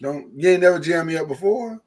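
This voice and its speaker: Brisk and on the high side, a man co-hosting a podcast jokes through casual studio chat, riffing on a pretend church service. His delivery is animated, playful, and preacher-like, and the recording is low quality.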